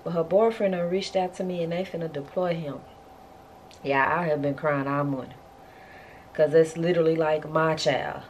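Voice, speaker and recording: A woman's voice: sits low, fairly even intonation, moderate pace, a little mellow, lo-fi sound, slight background noise. A woman, chatting emotionally to her viewers in a casual vlog. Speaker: vlogger, mother.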